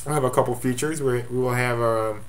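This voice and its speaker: A man's voice: medium pitch, fairly even intonation, brisk. A man giving a casual webcam update as commissioner of his fantasy football league, offhand and rambling with jokey asides.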